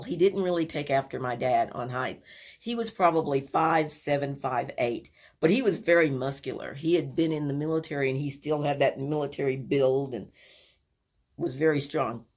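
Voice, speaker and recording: A woman telling a personal family story, animated and acting out the scenes as she goes. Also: sits low, moderate pace.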